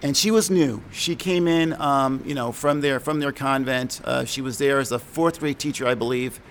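A middle-aged man with a gravelly, creaky voice at an ordinary pitch, recalling his childhood. He talks in a reflective, halting way and often stops to correct himself. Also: slight background noise. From New York, USA. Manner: conversational, halting, self-correcting. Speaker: speaker sharing a personal story. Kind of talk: reflective personal storytelling.

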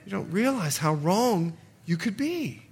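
A man preaching a sermon in an animated way, acting out little asides for the congregation. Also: high-pitched, measured pace, breathy edge. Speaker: pastor.

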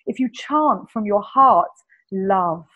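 A woman with a Cockney English accent, speaking as a guest healer in an enthusiastic, animated spiritual conversation. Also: on the high side, fairly quick, phone-quality sound. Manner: animated, enthusiastic storyteller, repeats words.

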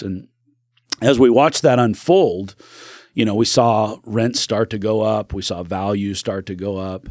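Low-voiced man talking in a dry studio. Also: moderate pace, darkish tone, dry recording. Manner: earnest, rambling with restarts, acts out quoted voices. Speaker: podcast guest, real estate broker. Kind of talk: casual interview talk.

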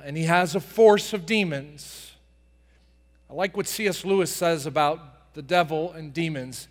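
A male pastor preaching a sermon in a dramatic style, acting out prayers and swinging from soft to booming. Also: big-room sound. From United States.

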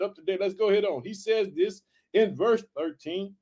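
A man preaching an energetic sermon on scripture, with a fervent, repetitive call-and-response delivery. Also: high-pitched, fairly quick, husky.

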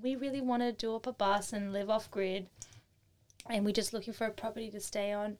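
A middle-aged Australian woman telling a story in casual chat, animated and chatty, laughing often and acting out what people said. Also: medium pitch, fairly quick, clear, resonant tone. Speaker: interview guest.

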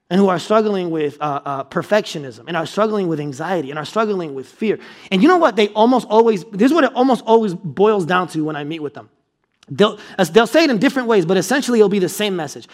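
A male pastor preaching a sermon, emphatic and repetitive, rising to forceful declarations and dropping low and quiet for weighty points.

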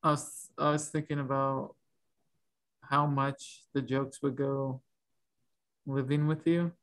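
A man co-hosting a casual podcast, talking in a halting, hesitant way and laughing easily. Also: medium pitch, level tone, fairly bright tone, clear, resonant tone. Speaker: podcast co-host. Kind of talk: casual chat.

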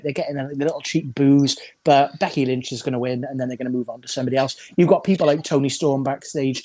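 A man's voice: mid-range voice, a little mellow, no echo. A British man co-hosting a wrestling chat show, talking at length and playfully acting out wrestlers' lines. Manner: chatty, acts out wrestlers' lines. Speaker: podcast co-host.

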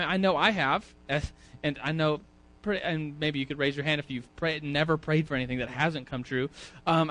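A man's voice: on the high side, a bit bright. A man teaching a Sunday school class in a church, talking casually, often repeating words and asking the audience questions. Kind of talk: casual sermon.

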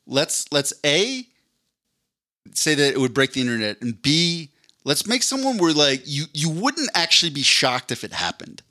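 A man's voice: on the high side, very animated, moderate pace, bright, forceful tone. A man co-hosting a podcast in casual chat, rambling and stammering with crude humor. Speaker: podcast co-host.

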